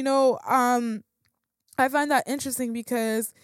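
A woman's voice: on the high side, measured pace, no echo, clean studio sound. A woman giving a casual, conversational Bible talk, slangy and full of fillers and restarts. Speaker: Bible teacher.

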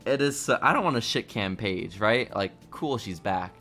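This is a man on a casual wrestling podcast, bright and punchy in tone. He teases his co-host and breaks into mocking impressions. Faint music sits behind him. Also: fairly low pitch, lively intonation, moderate pace. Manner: joking, teasing, mocks promos in put-on voices.

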